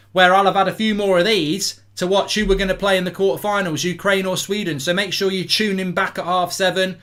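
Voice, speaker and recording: A middle-aged man from England hosting a live football watchalong, talking excitedly and breaking into chants and songs. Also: high-pitched. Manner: exuberant, chanting and singing between rants. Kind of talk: excited live match reaction.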